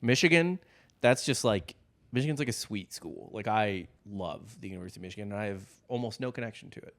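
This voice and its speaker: Low-voiced dude cohosting, rambles and cracks jokes, lots of like and uh. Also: male voice, expressive, fast. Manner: rambling, joking, full of likes and restarts. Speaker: podcast co-host. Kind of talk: casual chat.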